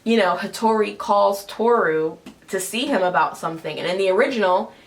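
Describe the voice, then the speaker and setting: A woman's voice: mid-range voice, brisk. Opinionated woman hosting a casual review. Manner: opinionated, conversational. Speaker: host.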